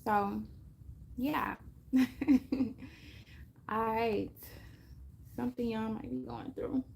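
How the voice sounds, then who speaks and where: A woman's voice: a little high, steady tone, very slow, creaky, slight background noise. A woman giving a casual spiritual talk to her viewers, chatty, often laughing and acting out little voices. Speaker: astrology reader.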